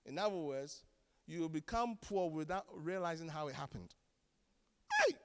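A man preaching a sermon as pastor, animated and joking, acting out the voices of the people he quotes. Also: a little high, moderate pace, clear, resonant tone, in a large hall. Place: church.

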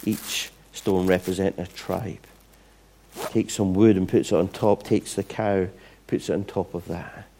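A man delivers a sermon in a storytelling style. His voice sits on the low side and sounds warm and mellow. He acts out the voices of the people in the story with lively, playful asides. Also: unhurried. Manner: animated retelling with voiced asides and restarts. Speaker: preacher.

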